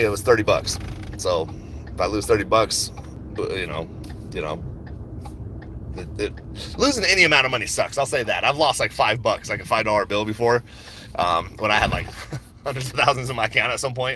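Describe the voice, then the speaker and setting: Fairly low but a bit bright, this man's voice comes through with slight background noise. He's a stock vlogger on a phone livestream, rambling about his picks from his car and a coffee line, relaxed, joking, cursing freely and laughing a lot.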